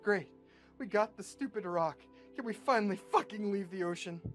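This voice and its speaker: A man's voice: high-pitched, moderate pace, faint music behind, pitched above the performer's own voice, lightly acted. A man voicing a foul-mouthed, seasick female team member while reading his own comic script aloud, cranky and swearing. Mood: disgusted.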